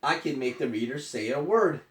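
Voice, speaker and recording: A woman voicing a cheerful, clever female pig while reading a children's picture book aloud, in a bright, eager, playful way. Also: extremely low pitch, expressive, normal speed. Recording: echoey room, distant mic, faint noise.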